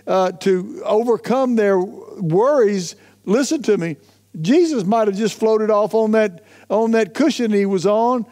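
A male pastor delivers a sermon in a notably high voice. He is emphatic and insistent, drawing words out slowly when he lands a point, with small stumbles and restarts along the way. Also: dark tone. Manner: emphatic, repeats "listen to me", stretches key phrases slowly.

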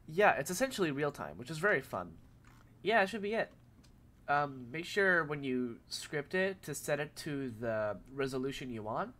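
A man who is sick with a cold, speaking in a nasal voice and giving a rambling, filler-filled software tutorial. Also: a little high. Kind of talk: casual screen-recorded tutorial.

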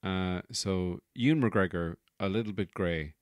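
Working through a comic monologue on his own podcast, this male host digresses, corrects himself along the way, and swears liberally. He speaks in a deep voice without hurrying, and the recording is dry, clean studio sound.

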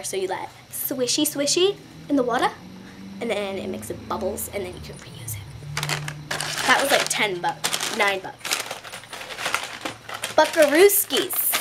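A woman's voice: medium pitch, background noise. A young woman chatting casually in a haul vlog, giggling and rambling with lots of fillers and asides, speaking from home. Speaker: beauty vlogger. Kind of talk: casual haul video chat.

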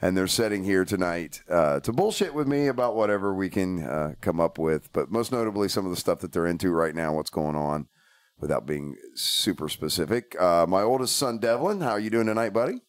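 A man's voice: deep voice, lively intonation, brisk, dry recording, studio quality. A man in his forties hosting a casual family podcast, joking and swearing, rambling with plenty of fillers. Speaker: podcast host. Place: home studio.

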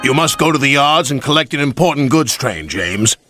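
A man's voice: medium pitch, lively intonation, moderate pace, music in the background, voice pushed up, lightly acted. A man voicing a stern, portly male railway boss who speaks firmly and commandingly. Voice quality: firm, commanding.

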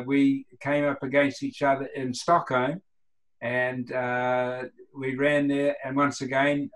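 In this poor-quality audio, a retired runner of about seventy from New Zealand speaks in a mid-range voice with a Kiwi accent. He's a guest in a relaxed interview, spinning meandering stories and performing the quoted bits himself.

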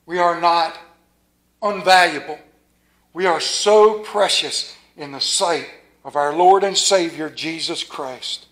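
A man preaching a sermon as a pastor, folksy and playful with a rural Maryland accent, dropping to a hushed, reverent tone. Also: fairly high pitch, takes it slowly.

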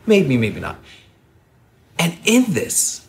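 A man preaching a sermon as a pastor, and told the story in a lively, humorous way. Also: on the high side, slow pace.

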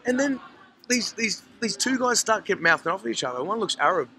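A man's voice: high-pitched, a little fast, a little hiss or hum, low-quality recording. A man casually telling a long, sweary story to friends, acting out what everyone said. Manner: animated, sweary, acts out quotes. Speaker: podcast host telling a story. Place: hostel common area, indoors.

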